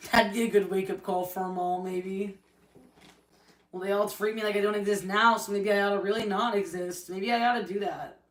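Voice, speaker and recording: In this emotional livestream rant, a woman with a mid-range voice speaks fairly quickly with fairly even intonation, swearing often as she angrily and tearfully discusses her family and her hurt. She's recorded from a distance in an echoey room.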